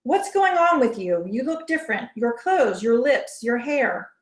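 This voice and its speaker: A woman's voice: fairly high pitch, sing-song, unhurried. A woman reading the lines of a brooding young man who pleads with his partner not to take a risk, in an earnest, pleading way. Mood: puzzled. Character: brooding young man, worried and protective lover. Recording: roomy echo.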